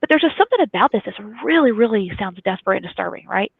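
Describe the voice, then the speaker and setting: A woman from Kentucky, telling a story in a lively, chatty way as a guest on a live talk show. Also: medium pitch, very fast, vocal fry, husky. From Kentucky, USA. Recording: dry, phone-like thin audio.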